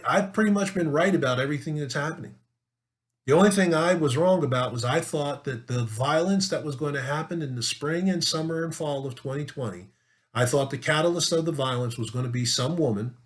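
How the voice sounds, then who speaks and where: Emphatic man arguing his point. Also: on the high side. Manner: emphatic, repeats words, rhetorical questions. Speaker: political commentator. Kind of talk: opinion monologue to camera.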